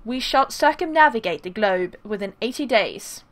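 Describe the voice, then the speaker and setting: A woman doing a clipped British gentleman. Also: a little high, animated, normal speed, close to an everyday voice. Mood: calm, brisk. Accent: put-on British. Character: calm, brisk British gentleman traveler.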